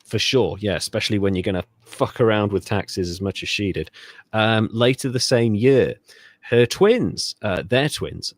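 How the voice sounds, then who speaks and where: A man's voice: fairly low pitch, no echo. A man from Britain co-hosting a history podcast, telling the story in a sardonic, profane, rambling way. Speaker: podcast co-host. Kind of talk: casual podcast chat.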